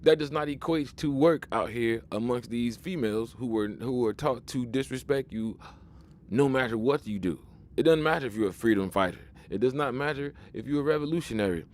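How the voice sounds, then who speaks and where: A man's voice: medium pitch, brisk. A man with an ordinary mid-range voice talks straight to his audience in a casual monologue. He is emphatic and preachy, hammering his points and often stumbling over repeated words before pressing on. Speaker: video commentator.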